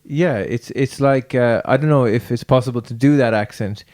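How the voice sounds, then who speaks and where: A man hosts a relaxed podcast conversation in an easygoing chat. He wanders through his thoughts and restarts sentences often. His voice sits at an ordinary middle pitch. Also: normal speed. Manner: rambling, many fillers and restarts. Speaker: podcast host. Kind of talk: casual chat.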